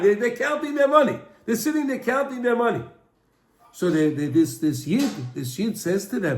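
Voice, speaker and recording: A man teaching a Torah class as an animated storyteller who often repeats and restarts his phrases. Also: high voice, normal speed. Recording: echoey room.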